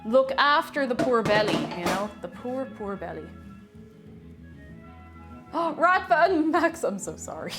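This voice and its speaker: A woman talks casually to her chat from her home kitchen as she bakes. Her voice sits fairly high and swings widely in pitch. Faint music plays behind her. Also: a little slow, pauses often. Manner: chatty, reads chat aloud, bursts of excited whoops. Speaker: streamer baking live. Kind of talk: casual live-stream chat.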